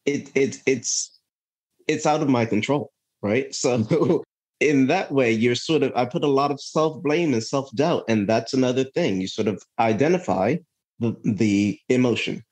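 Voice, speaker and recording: A podcast guest with a mid-range, darkish voice tells a personal story in an earnest, reflective manner. He thinks aloud, frequently says "right?" and often starts his sentences over.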